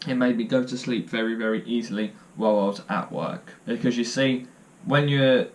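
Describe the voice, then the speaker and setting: A young vlogger with a medium-pitched voice talks to camera at a moderate pace, telling stories and making jokes at his own expense. His casual storytelling rambles loosely, filled with ums and uhs.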